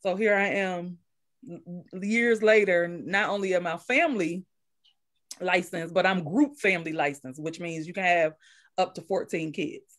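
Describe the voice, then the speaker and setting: A woman's voice: fairly low pitch, unhurried. A woman who runs a daycare, casually telling her story as a guest and repeating phrases for emphasis.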